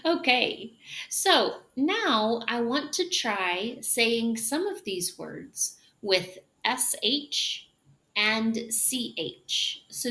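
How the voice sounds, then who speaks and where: A woman teaching English pronunciation, demonstrating sounds slowly and drawing out hushing noises. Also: fairly high pitch. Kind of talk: pronunciation lesson.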